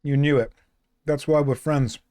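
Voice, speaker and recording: Male streamer, sarcastic banter, slightly high voice, dry close mic. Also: fairly even intonation, normal speed, dark tone, no echo. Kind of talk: casual gameplay stream chat.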